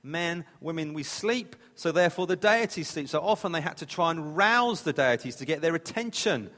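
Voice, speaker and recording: A man's voice: a little high, expressive, moderate pace, fairly bright tone. A man preaching a sermon in a plain, conversational way, sometimes restarting his phrases. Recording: reverberant hall.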